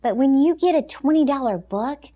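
A woman with a high, bright-toned voice gives an inspirational talk as a Christian motivational speaker. She talks in an emphatic, animated way, often breaking into laughter. Her delivery stays lively and encouraging. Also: moderate pace.

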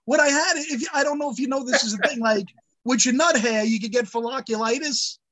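A high-pitched man tells a story in casual podcast chat. He swears often and shouts quotes in mock outrage. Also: fairly quick, rough recording. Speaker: podcast co-host.

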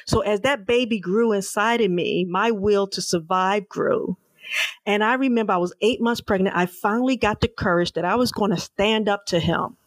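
A woman's voice: mid-range voice, no echo. Middle-aged woman telling a painful story. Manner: earnest, slow and emphatic, with repeated words. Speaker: author and interview guest. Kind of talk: personal storytelling in an interview.

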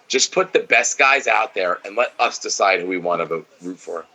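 A man's voice: low voice, animated, normal speed, hardly any pauses, bright, forceful tone, low-quality recording. A man co-hosting a casual podcast, watching wrestling and giving blunt, opinionated takes full of swearing. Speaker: podcast co-host.

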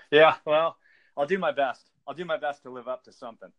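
A man's voice: on the high side, normal speed, lo-fi sound. Laid-back American man hosting a chat. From United States. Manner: laid-back, rambling, laughs easily. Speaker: podcast host. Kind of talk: casual chat.

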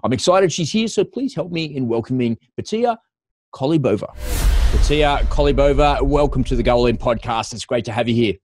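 A man's voice: mid-range voice, lively intonation, fast, few pauses, a little mellow, slightly rough, no room sound, faint music behind. A man hosting an interview podcast, upbeat and polished as he reads promos and introduces his guest. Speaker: podcast host.

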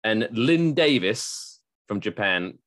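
Podcast co-host, male, lively jokey delivery, pitch swings a lot. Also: takes it slowly. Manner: jokey, animated, slips into silly voices. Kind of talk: casual chat.

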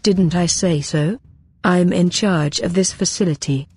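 Woman voicing a gloating male villain, low husky tone, homemade sci-fi story. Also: unhurried, darkish tone, faint music behind. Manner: gloating, threatening. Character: scheming male villain in charge of a facility.

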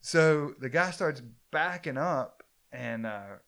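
A man telling a story in casual chat, acting out the quoted lines with a loud, animated voice. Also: fairly high pitch, slow pace, creaky.

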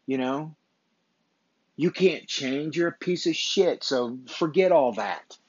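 A man's voice: a little high, lively intonation, slow pace, slightly rough, dry recording, exaggerated voice. A man voicing a taunting spiritual enemy who hurls repeated insults, on a dull, dry recording. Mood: sneering. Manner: sneering, insulting, repetitive. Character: taunting male spiritual enemy, sneering tormentor.

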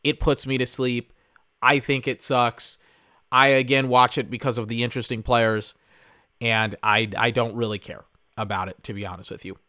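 A man's voice: mid-range voice, little pitch movement, normal speed, bright, forceful tone. A young man from Texas, ranting casually about football as a podcast host. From Austin, Texas. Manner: opinionated, ranting, profane. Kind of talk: casual sports commentary.

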